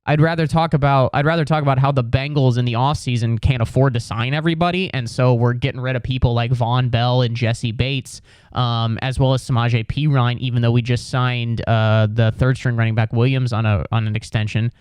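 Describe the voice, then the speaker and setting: A man's voice: mid-range voice, steady tone, fairly quick, darkish tone, smooth, no echo, studio quality. A young adult man hosting a solo comedy podcast, rambling and swearing with a self-mocking tone.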